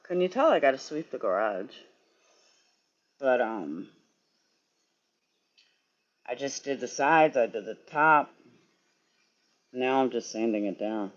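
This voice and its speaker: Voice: medium pitch, lively intonation, takes it slowly, pauses often, muffled recording. A sleepy, yawning streamer rambling and swearing in casual chat with viewers while working in a garage. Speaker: livestreamer.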